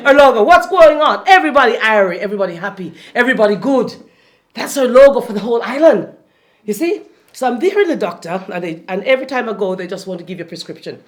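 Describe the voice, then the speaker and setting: A woman from Jamaica with a Jamaican accent, giving a lively inspirational talk to a group, laughing often and bursting into loud peaks. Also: mid-range voice. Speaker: motivational speaker.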